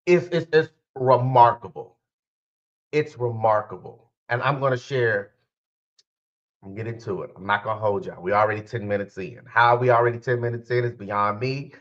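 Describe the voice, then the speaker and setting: A man's voice: mid-range voice, normal speed, a bit bright, highs cut off. A man hosting his own podcast in a casual, rambling way, talking straight to his listeners and often correcting himself. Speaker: podcast host and spiritual life coach. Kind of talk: casual solo podcast talk.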